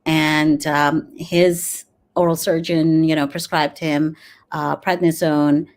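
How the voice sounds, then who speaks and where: A woman in her forties with a notably low, deep voice speaks as an interview guest. She talks earnestly and reflectively, stopping often with pauses and fillers as she gathers her thoughts. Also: level tone. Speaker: dentist and grief coach guest. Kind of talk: conversational interview.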